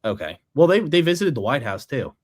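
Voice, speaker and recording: A man's voice: mid-range voice, big pitch swings, brisk. A man co-hosting a sports podcast, agreeable and careful to hedge in casual chat. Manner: agreeable, hedging. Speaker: podcast co-host.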